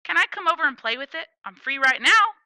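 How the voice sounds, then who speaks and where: A woman's voice: high voice, expressive, fairly quick, bright, forceful tone, dry recording, pitched above the performer's own voice, exaggerated voice. A woman voicing an eager, chatty girl of nearly nine who fires off bubbly questions.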